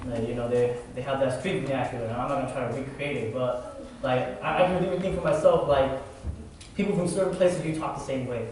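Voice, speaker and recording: Heard from far off in an echoey hall with faint background noise, a young preacher talks fast in a mid-range, somewhat mellow voice. His sermon is loose and conversational, peppered with "like" and "man."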